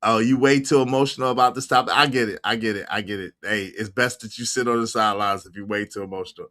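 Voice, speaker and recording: Bright-voiced joking man hosting a livestream. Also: lowish voice, steady tone, fast. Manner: loud, joking banter with shout-outs to viewers. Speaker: livestream show host. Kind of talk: casual livestream chat.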